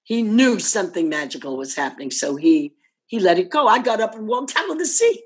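An older actress telling anecdotes in an interview, animated and laughing often as she acts out what others said. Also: medium pitch, fairly quick, slightly rough.

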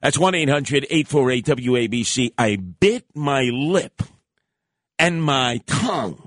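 A man hosting a radio talk show, telling stories in an animated, heated way. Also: medium pitch, slow, dry recording, studio quality. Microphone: studio microphone.

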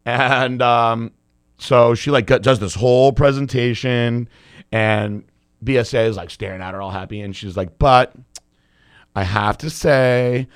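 A man co-hosting a podcast, telling a long story in casual, profane, animated chat. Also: medium pitch, a little slow, smooth. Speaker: podcast co-host.

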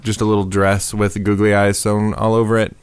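A man with a smooth, fairly low voice trades deadpan jokes in casual podcast banter. His recording is close and dry. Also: fairly quick, no echo. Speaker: podcast co-host.

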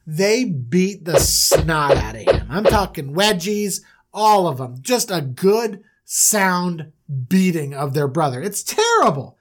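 Animated woman telling a comic story. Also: on the low side, slow. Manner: animated, irreverent, playful. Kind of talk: comedic story retelling.

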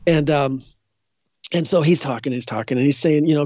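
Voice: medium pitch, brisk, no echo. Rambling psychic guest, dull dry recording. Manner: rambling, frequent restarts and self-corrections; acts out other people's words when retelling. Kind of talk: casual interview storytelling.

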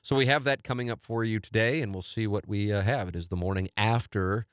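A man's voice: on the low side, fairly even intonation, brisk, a bit bright, clean tone, no echo, clean studio sound. Enthusiastic rambling man hosting a podcast. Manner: rambling, enthusiastic, self-deprecating. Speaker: podcast host. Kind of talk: casual solo podcast talk.

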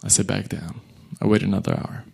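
A man's voice: low-pitched, gravelly, slightly rough. Young man telling a live comic story. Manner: animated, acts out other people's lines in quick bursts. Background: audience laughter.

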